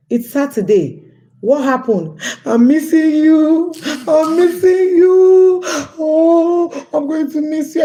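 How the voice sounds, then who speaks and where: A woman from Nigeria chats to her viewers in a casual livestream. Her voice sits in a mid range with a dark, mellow tone. She tells a story in a loose, talky way and repeats lines for effect. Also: medium pitch. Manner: chatty, addresses viewers as guys, repeats phrases. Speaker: livestream host.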